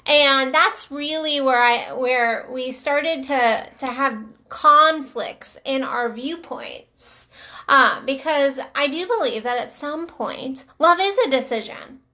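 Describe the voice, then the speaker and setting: Bright, high-voiced woman coach. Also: slow. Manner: earnest, emphatic, repeats phrases. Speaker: relationship coach. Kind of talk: casual talk to camera.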